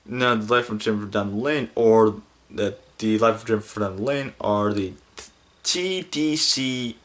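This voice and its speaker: A man's voice: medium pitch, a bit bright. Rambling, giggly podcast host, a man. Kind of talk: casual podcast monologue.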